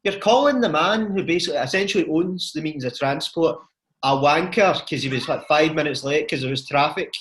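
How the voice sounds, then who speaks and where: Scottish guy on a podcast, bit high voice, acts out the stories, echoey room. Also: moderate pace, slight background noise. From Scotland. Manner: animated storyteller, acts out quotes. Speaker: podcast co-host. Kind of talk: casual chat.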